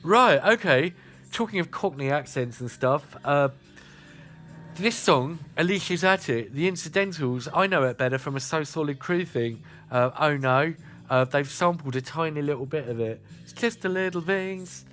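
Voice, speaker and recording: A man's voice: fairly high pitch, normal speed, a bit bright, faint music behind. A man with a southern English accent from Kent and Sussex, chatting casually as a radio host between songs, with many "uh" fillers. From South East England. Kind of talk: casual music radio chat.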